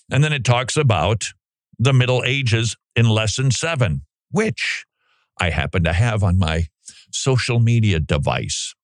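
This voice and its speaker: A man reads passages aloud in a lively, swooping voice and cuts in with sarcastic, disbelieving remarks. The sound is dry and close, with little room around it. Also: lowish voice, dry recording. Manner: incredulous, sarcastic asides between read passages. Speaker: commentator. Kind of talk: reading aloud and commenting.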